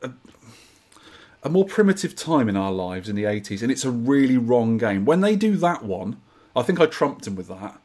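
A man's voice: mid-range voice, very animated, normal speed, darkish tone. A man co-hosting a podcast in casual, jokey chat, reading listener messages aloud. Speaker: podcast co-host.

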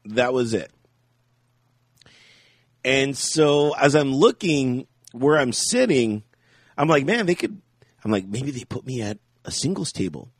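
A man's voice: medium pitch, animated, unhurried, pauses often, breathy edge, dry recording, clean studio sound. A man co-hosting a podcast, telling a rambling story in casual chat and laughing often. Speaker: podcast co-host.

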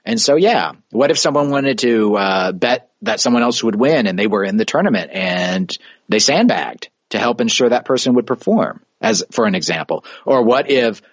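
A man hosting a podcast, talking in a thoughtful, measured, cautionary way. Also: medium pitch, big pitch swings, no echo. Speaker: podcast host. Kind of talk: casual podcast chat. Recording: slightly dull lo-fi audio.

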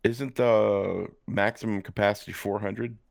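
Low gravelly man, sarcastic. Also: steady tone, measured pace, darkish tone, dry recording. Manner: sarcastic asides while reading aloud. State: hiccups. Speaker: podcast co-host. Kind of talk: casual chat, reading and joking.

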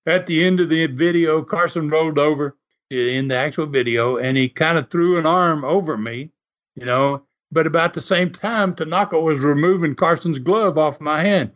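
A man's voice: fairly high pitch, normal speed, fairly bright tone. An older man and former wrestler telling folksy stories in an interview, often chuckling as he talks. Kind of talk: storytelling interview. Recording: muffled recording.

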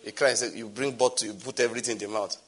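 Husky, animated male preacher. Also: fairly low pitch, quick pace. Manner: animated, swings from loud exclamation to soft asides. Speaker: pastor. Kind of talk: sermon.

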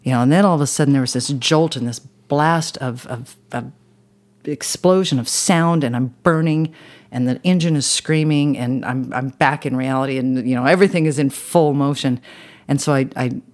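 Speaking at a normal pace, this podcast guest has a deep, rumbling voice with a darkish tone. She rambles earnestly through a personal story, dropping "you know" again and again, and turns emotional and intense as she remembers the crash.

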